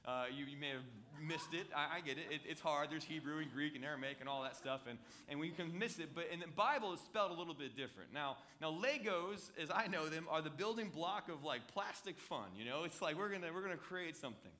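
A man's voice: a little high, fairly quick, few pauses. A man in his thirties, a pastor, giving a conversational sermon with jokes and props. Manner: conversational, joking, animated with props.

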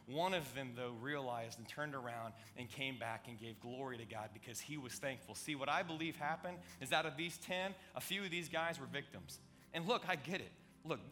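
Bright-voiced pastor preaching. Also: male voice, on the high side. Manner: emphatic, building to loud passionate delivery; conversational, repeats words when driving a point. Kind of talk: sermon.

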